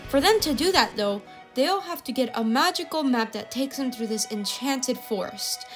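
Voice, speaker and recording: Woman with a fairly high voice, enthusiastic casual film review, soft music behind her. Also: expressive, moderate pace. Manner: gushing and enthusiastic.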